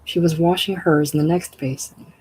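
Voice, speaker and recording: A storyteller voicing a grieving wife, urgent and elated, sometimes dropping to a breathy whisper. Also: medium pitch, fairly even intonation, moderate pace, darkish tone, a little hiss or hum, lightly acted, low-quality recording.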